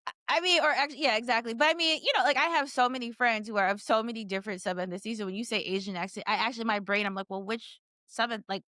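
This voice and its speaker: A woman co-hosting a podcast in casual chat, animated, often quoting her own thoughts aloud. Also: a little high, rapid-fire, dry recording, clean studio sound. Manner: animated, quotes herself in lively asides. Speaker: podcast co-host.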